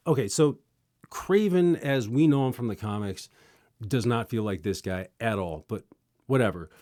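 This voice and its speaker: Young male reviewer, sarcastic and lively, dry close-miked delivery. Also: medium pitch, no room sound. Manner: sarcastic, animated, quick asides. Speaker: movie reviewer host. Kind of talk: casual sarcastic movie review.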